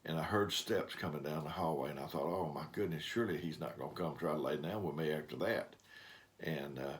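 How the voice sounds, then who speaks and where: A man's voice: a bass voice, a little fast. An older man giving a folksy devotional talk, telling homespun stories in a rambling way. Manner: rambling storyteller, homespun grammar. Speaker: preacher.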